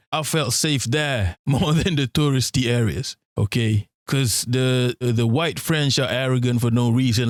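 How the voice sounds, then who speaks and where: A man's voice: mid-range voice, dry recording, studio quality. A man streaming a casual reaction commentary, ranting in slang and laughing at himself.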